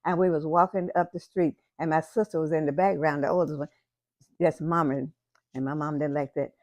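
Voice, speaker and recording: Older woman telling a lively story. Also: sits low, a little fast, no echo. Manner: animated storyteller, Southern Black vernacular grammar. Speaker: interview guest, gospel singer. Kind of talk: casual storytelling chat.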